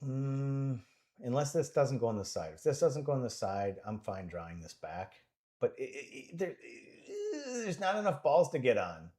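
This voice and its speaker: A man's voice: mid-range voice, sing-song, normal speed, warm tone. A man giving casual live commentary on a pool match, rambling and joking as he thinks aloud about the shots.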